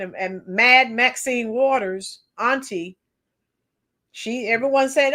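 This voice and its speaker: A woman streamer with a hoarse, cracking voice, talking politics in a chatty, opinionated way. She speaks slowly, and her voice sits a little high. She reads out viewer comments as she goes. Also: sharp tone. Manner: opinionated, chatty, sings song snippets slowly. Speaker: live-stream commentator reading chat. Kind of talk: casual political commentary livestream.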